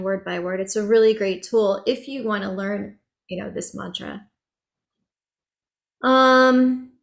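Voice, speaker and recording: A woman teaching an online chanting workshop, chatty and relaxed, laughing as she explains pronunciation over a video call. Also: medium pitch, vocal fry.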